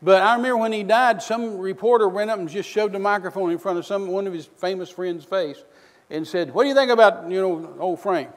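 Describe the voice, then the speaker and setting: A male missionary preacher delivering a sermon, telling folksy stories with bursts of loud outrage. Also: sits high, steady tone, a little fast, long reverb tail.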